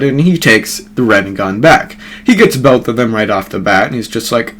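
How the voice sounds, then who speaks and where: A man's voice: fairly low pitch, expressive, brisk, few pauses, a bit bright, slight background noise. A man casually narrating a fan story, rambling and swearing, full of fillers. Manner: rambling, profane, filler-heavy.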